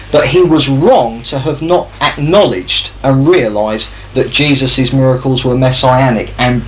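A man teaching from the Bible in a lively, conversational way, often checking in with his listeners. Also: mid-range voice, a little hiss or hum, rough recording. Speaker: preacher.

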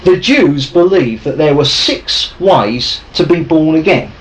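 Man, Bible teacher, animated rising and falling voice, slightly high, faint background hiss. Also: measured pace, low-quality recording. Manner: lively, conversational, checks in with listeners. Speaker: preacher.

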